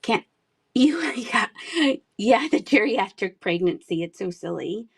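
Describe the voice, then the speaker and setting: A woman in her thirties sells items on a live stream, chatting casually with viewers and laughing often. Her mid-range voice is animated yet unhurried, gravelly with a breathy edge, and the recording is dry.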